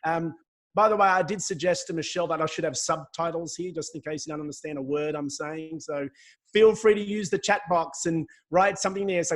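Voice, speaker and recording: High-voiced Australian man presenting. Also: fairly even intonation, brisk. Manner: jokey, chatty. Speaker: guest speaker. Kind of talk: webinar presentation.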